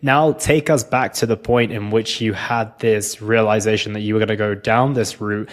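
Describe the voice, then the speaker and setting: A man hosting a podcast, affirming his guest warmly and leading into the next question in a casual interview. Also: fairly low pitch, steady tone, normal speed. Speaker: podcast host.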